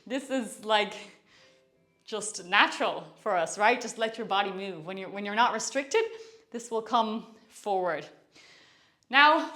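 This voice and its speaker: Breezy woman guiding a movement class. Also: on the high side. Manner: encouraging, breezy, with soft laughs. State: a little out of breath while moving. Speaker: movement instructor. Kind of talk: guided movement tutorial.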